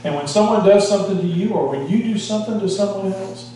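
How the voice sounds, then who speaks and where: A man's voice: high-pitched, fast, few pauses, warm tone, slight background noise. A male pastor preaching a sermon, telling a story and putting questions to the congregation. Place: church sanctuary. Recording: echoey church hall, from far off.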